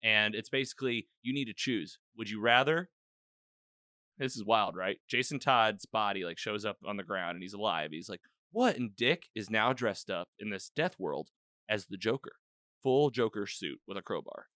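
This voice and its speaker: Bright-voiced man recapping a show. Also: fairly low pitch, moderate pace, no echo, studio quality. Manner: loose and rambling, acts out quoted lines, lots of "like". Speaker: podcast host. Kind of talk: casual chat recapping an episode. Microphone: own podcast microphone.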